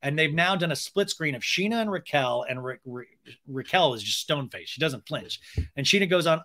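A man with a slightly higher voice hosts a reality TV recap podcast. He talks in a chatty, gossipy way and breaks off into quick side comments. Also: animated, bright, forceful tone. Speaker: podcast host.

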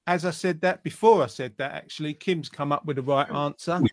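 A man's voice: fairly high pitch, a little fast, dry recording. A man hosting an online quiz show, reading out viewers' answers and teasing them in a jokey way. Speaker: quiz host.

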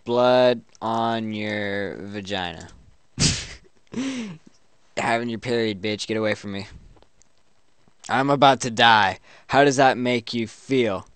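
A man's voice: mid-range voice, sing-song, slow, pauses often, fairly bright tone, clear, resonant tone, dry recording. A man hosting a let's play, trading crude, profane jokes with a chatbot at his home computer and laughing often at his own insults. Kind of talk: crude joking commentary while typing to a chatbot.

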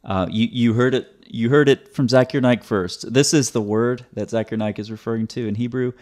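A mid-pitched man hosts his own video and explains the point step by step for his viewers. He sounds sarcastic, often repeating words as he restarts a sentence. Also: fairly even intonation, moderate pace, darkish tone. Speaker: host. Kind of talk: teaching commentary.

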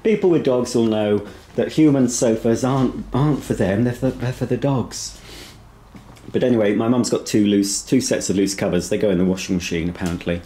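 Rambling man with a low voice. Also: a little fast, dark tone. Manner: chatty, rambling, talks while eating. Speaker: vlogger. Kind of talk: casual home tour vlog. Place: inside a house.

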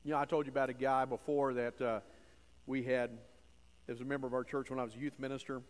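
A man preaching a sermon in a church, folksy and emphatic, dropping to low asides and rising to loud stressed phrases. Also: little pitch movement, quick pace. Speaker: pastor. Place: church sanctuary. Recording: long church reverb.

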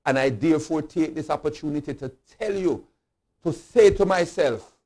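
A bishop from Jamaica teaching a Bible study in a sermon style, emphatic and deliberate, rising to loud declarations and dropping low again. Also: male voice. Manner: slow, deliberate preaching cadence with repeated refrains.

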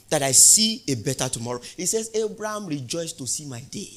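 Male pastor, sermon delivery, slightly high voice, call-and-response, emphatic crescendos. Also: animated. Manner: call-and-response preaching, rising to loud emphatic peaks; repeats questions to the congregation, drawn-out emphasis.

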